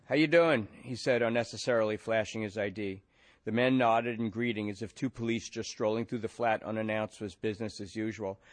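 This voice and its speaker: A male author reading from his novel in an even, measured way, then answering questions. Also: fairly low pitch.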